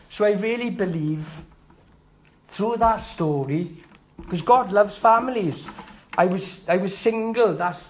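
A middle-aged man giving a personal church testimony, halting and heartfelt, with restarts and rising emphasis. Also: high voice, low-quality recording. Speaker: testimony speaker.

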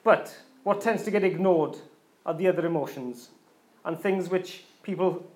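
A man's voice: high-pitched, normal speed. A pastor giving an informal, chatty sermon to his congregation, often laughing and mimicking voices as he talks. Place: church congregation.

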